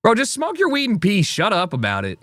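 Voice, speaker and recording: A man's voice: high voice, huge pitch swings, fairly quick, noisy background. A man streaming casual reaction commentary, rambling and swearing with a wry, offhand manner.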